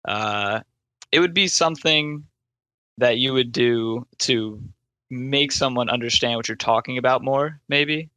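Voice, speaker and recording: A man's voice: mid-range voice, a little slow, sharp tone, dry recording. A man co-hosting a casual podcast, patiently explaining the clues of a game. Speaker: podcast co-host running a game.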